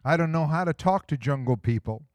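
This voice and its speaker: Man preaching folksy, smooth resonant tone, dry close sound; asks the room questions. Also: on the high side, lively intonation, a little fast, darkish tone, dry recording. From small-town Midwest US. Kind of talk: sermon.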